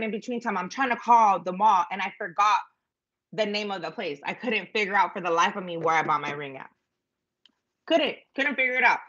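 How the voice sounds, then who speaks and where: A woman's voice: mid-range voice, sharp tone, dull audio. A middle-aged woman rambling through a story on a live stream, chatty and self-mocking, with lots of fillers. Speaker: vlogger telling a story.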